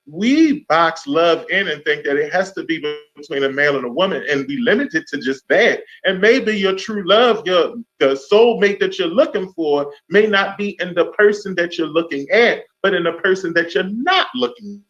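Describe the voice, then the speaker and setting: A man's voice: high-pitched, moderate pace, few pauses. A man hosting a radio talk show, telling a story casually and acting out the voices of the people in it. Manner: animated storyteller who acts out voices. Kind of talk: casual chat. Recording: dull lo-fi sound.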